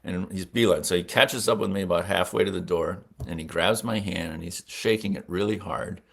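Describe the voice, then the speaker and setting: A man's voice: sits low, a little fast, vocal fry, a bit bright, breathy edge. A man in his sixties, a veteran sportswriter, telling stories in a casual interview and acting out the voices of people he quotes.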